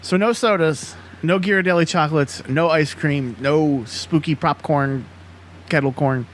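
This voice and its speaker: A man's voice: a little high, a little slow, fairly bright tone, a little hiss or hum. A man hosting a podcast who quizzes his guest and teases him sarcastically in casual banter. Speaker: podcast host.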